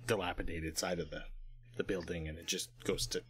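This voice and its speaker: Man, tabletop player, rambling storyteller, lowish pitch, bright tone. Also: steady tone, fairly quick. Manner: rambling storyteller, laughs often. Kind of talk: casual tabletop role-play.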